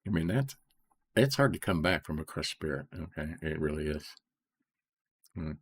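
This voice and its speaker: A middle-aged man reading scripture and explaining it in an informal, soft-spoken way, often checking in with "okay?" and slowing down on key phrases. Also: rumbling low, expressive, breathy edge. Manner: slows right down to stress key phrases. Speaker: Bible study teacher.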